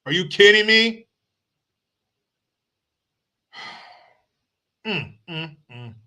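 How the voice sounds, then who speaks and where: A man's voice: high-pitched, animated, drawn-out words, bright, forceful tone. A man hosting a livestream, ranting about politics in a mocking, combative and profane way. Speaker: political commentary host. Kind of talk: casual political rant. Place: home streaming setup.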